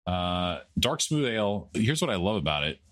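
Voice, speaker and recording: A man's voice: low voice, big pitch swings, moderate pace, fairly bright tone, no room sound. A man in his thirties co-hosting a podcast in casual chat, rambling and jokey, poking fun at himself. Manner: rambling, jokey, self-deprecating. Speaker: podcast co-host.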